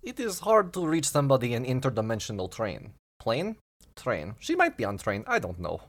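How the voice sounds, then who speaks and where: A man's voice: mid-range voice, moderate pace. A man voicing an animatronic fortune-teller woman who speaks in clipped, broken sentences. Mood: robotic. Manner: flat clipped speech with dropped articles.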